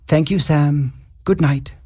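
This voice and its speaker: A man voicing a young housewife who is sweet and polite on the surface but quietly calculating, turning shrill when she fakes panic. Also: slow, husky, no echo, clean studio sound, full character voice. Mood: bright, polite.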